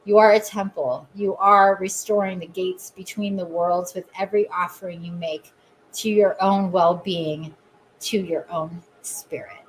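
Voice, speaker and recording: A woman hosts a spiritual podcast, giving an oracle reading and guided meditation. She talks slowly and lingers over repeated, incantatory phrases. Between passages she lets her emotion show and laughs at herself, keeping an ordinary middle pitch throughout. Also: steady tone, slight background noise, rough recording. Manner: openly emotional, self-mocking asides. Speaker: podcast host and oracle reader.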